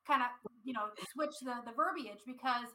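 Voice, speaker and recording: Bright-voiced chatty woman. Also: a little high, moderate pace, low-quality recording. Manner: chatty, animated storytelling with frequent laughs. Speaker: business podcaster. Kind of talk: casual conversational chat. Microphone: video call.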